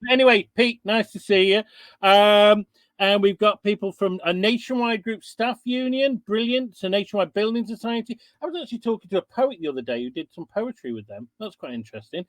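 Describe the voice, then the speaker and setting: A man's voice: high-pitched, animated, a little fast, a bit bright, no room sound. A man hosting an online webinar over a video call, chatty and informal as he greets attendees. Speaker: webinar host.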